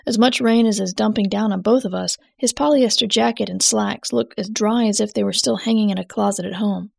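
A woman's voice: medium pitch, fairly even intonation, a little fast, creaky, slightly rough, no room sound. A woman giving a scripted first-person narration of a story, with a wry, matter-of-fact manner.

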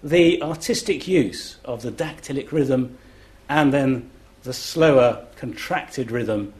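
Taking it slowly in a mid-range, darkish voice, a middle-aged classics scholar delivers a lecture-style talk on a festival panel. He's enthusiastic at this indoor live event, chanting rhythms out in syllables to show how they go.

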